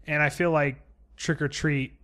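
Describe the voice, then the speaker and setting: A young adult man co-hosting a podcast, talking about films in a casual, animated, opinionated way. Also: a little high, a little slow. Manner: animated, profane, opinionated film enthusiast. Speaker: podcast co-host. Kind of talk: casual chat.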